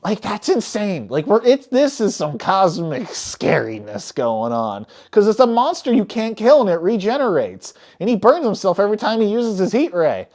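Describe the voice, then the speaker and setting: A woman recapping a monster movie in a loose, excited way, often swearing and cutting herself off mid-sentence. Her pitch is medium but moves a lot. She sounds like a host talking straight to her viewers. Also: normal speed, hardly any pauses. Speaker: movie reviewer. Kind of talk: casual spoiler movie recap.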